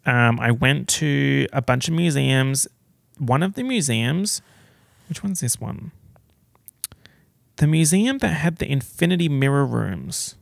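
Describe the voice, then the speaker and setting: An Australian man hosting a solo podcast, chatting in a camp, sassy, expressive way with big swings in pitch. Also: slow pace, gravelly, pauses often, dry recording, clean studio sound. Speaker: podcast host. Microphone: podcast microphone.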